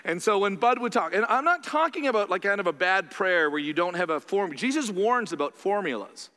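A male pastor preaching a sermon in a church, conversational and animated, with quick asides to the congregation. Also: sits high. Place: church sanctuary. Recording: reverberant church hall.

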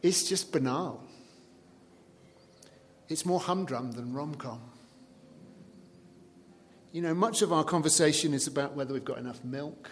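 A man preaching a sermon in a conversational way, dropping soft and low to quote scripture. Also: a little slow, long pauses, a little hiss or hum. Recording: long reverb of a large hall.

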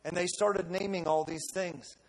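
A man preaching a sermon, telling a story with energy, repeating words and rising to loud declarations. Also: high-pitched, steady tone, moderate pace, rough recording. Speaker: pastor. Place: church service.

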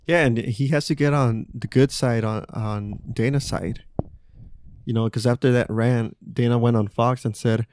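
A man's voice: medium pitch, steady tone, moderate pace, a little mellow, no echo. Laid-back man in dry podcast chat. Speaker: podcast co-host. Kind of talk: casual chat.

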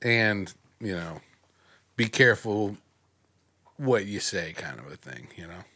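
A man in casual conversation who speaks in a measured, hedging, thoughtful way. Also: fairly low pitch, lively intonation, sharp tone. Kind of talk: casual chat.

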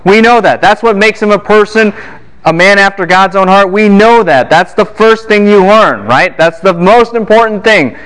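A man giving a Bible lecture to a class, animated and quick to fire questions at his students. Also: high-pitched, clear, resonant tone.

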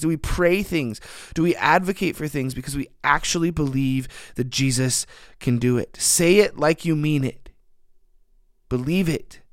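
Earnest young male preacher, smooth voice. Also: medium pitch, no room sound, studio quality. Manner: earnest, building emphasis with repeated phrases. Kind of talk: sermon.

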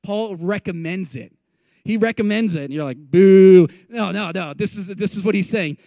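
A man with a strikingly high voice preaches a lively, conversational sermon to a live audience in a meeting room, joking with them in asides and having them repeat phrases back. He speaks at normal speed, and the sound is dry and close with no echo.

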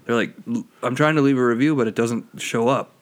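A man's voice: medium pitch, a little fast. Young male podcast co-host, casual, sweary, mid-range voice. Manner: swears freely, mocks accents in put-on voices. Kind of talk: casual chat.

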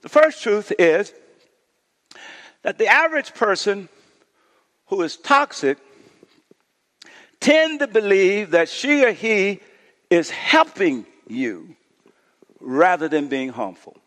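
High-voiced preaching pastor in a reverberant hall. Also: male voice, big pitch swings, takes it slowly, long pauses. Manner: preaching, calls on the congregation to shout responses; reads scripture, voicing the complaining crowd with rising intensity. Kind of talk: sermon.

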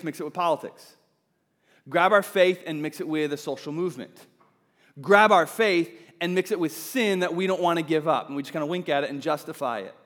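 A man preaches a sermon, dropping to soft asides and then rising to loud, emphatic points. His voice sits a touch high for a man. It carries a long reverb in a church hall. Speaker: pastor. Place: church sanctuary.

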